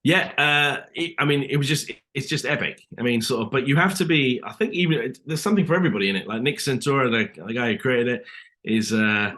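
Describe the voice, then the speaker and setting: A man's voice: mid-range voice, fast talker, sharp tone. A man with an English accent, a guest actor talking casually in an interview, rambling with lots of fillers. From England.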